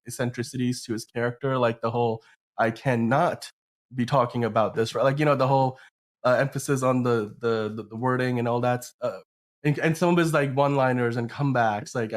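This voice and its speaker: A man hosting a podcast in a casual chat, rambling with lots of fillers and restarts while sounding sick. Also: medium pitch. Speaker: podcast host.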